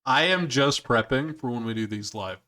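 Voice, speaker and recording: A man's voice: medium pitch, animated, moderate pace, sharp tone. A young man co-hosting a podcast, joking around and explaining things in a loose, offhand way. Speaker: podcast co-host. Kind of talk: casual chat.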